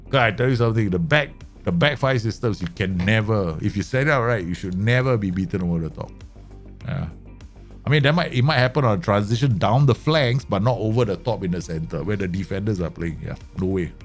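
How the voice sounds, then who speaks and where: A man's voice: fairly low pitch, vocal fry. A man streaming a football management game, chatting casually with viewers and ranting in jest at his players. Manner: chatty, joking, talks to viewers; mock-angry rants at players, laughing. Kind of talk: casual livestream chat.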